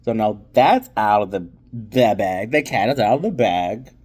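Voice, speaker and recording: Slow, rambling man reviewing a movie. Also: on the low side, expressive, darkish tone, slightly rough. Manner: rambling, many fillers and restarts. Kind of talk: casual spoken review.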